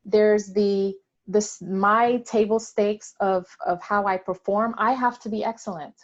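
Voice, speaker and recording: A woman speaks in a deliberate, reflective way, choosing her words with care. Her pitch sits in the middle range. The call audio sounds a little dull and lo-fi. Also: steady tone. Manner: deliberate, reflective, occasional laughs. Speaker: panelist. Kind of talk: candid discussion.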